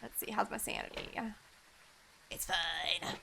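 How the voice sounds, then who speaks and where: A woman's voice: on the low side, a little slow, creaky, slight background noise. A woman streaming a ghost-hunting game, chatting casually with a friend and thinking aloud as she plays. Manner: chatty, excitable, thinks aloud while playing. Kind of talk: casual gaming chat with a friend.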